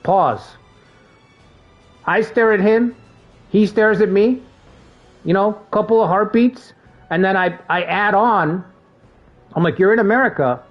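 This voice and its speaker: Man, gaming stream chatter, slightly high voice, laid-back, swears, faint music behind. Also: slow pace, pauses often, muffled recording. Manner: laid-back, swears freely, laughs at jokes. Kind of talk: casual gameplay commentary with storytelling.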